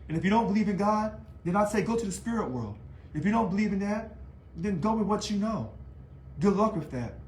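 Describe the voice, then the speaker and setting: Animated high-voiced man, echoey room. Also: a little fast, a little hiss or hum. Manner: animated, taunting, rhetorical questions. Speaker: union leader. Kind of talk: casual video monologue.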